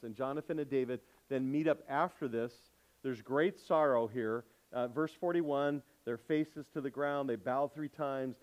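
A man's voice: mid-range voice, moderate pace, darkish tone, muffled recording. A male pastor delivering a sermon, emphatic and calling out questions to his congregation.

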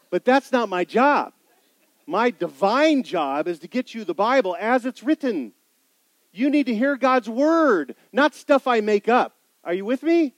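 A man's voice: high-pitched, darkish tone, no echo. A man preaching a sermon as pastor, emphatic, repeating key points and asking his listeners questions.

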